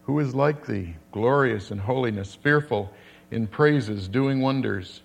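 A man's voice: medium pitch, unhurried, creaky. An older man preaching a sermon, earnest and repeating phrases for emphasis, rising to emphatic declamation when quoting scripture.

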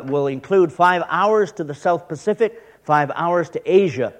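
Canadian man, slightly high voice, earnest preacher's mission talk with jokey asides. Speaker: missionary radio speaker. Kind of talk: church mission presentation.

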